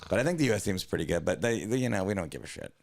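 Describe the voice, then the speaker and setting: A man's voice: sits low, big pitch swings, very fast, vocal fry. A man co-hosting a comedy podcast, chatting casually in a rambling, profane way that often trails off. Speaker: podcast co-host.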